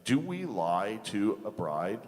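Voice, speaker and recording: Unhurried man teaching in an echoey sanctuary. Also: lowish voice, very animated. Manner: conversational, asks the audience questions, frequent "okay?" and "right?". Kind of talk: teaching talk to a congregation. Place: large sanctuary. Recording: reverberant hall.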